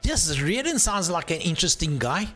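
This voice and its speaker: A man's voice: on the high side, big pitch swings, moderate pace, sharp tone, soft background music. A man chatting casually and teasingly on a live stream, swearing freely while working on hardware.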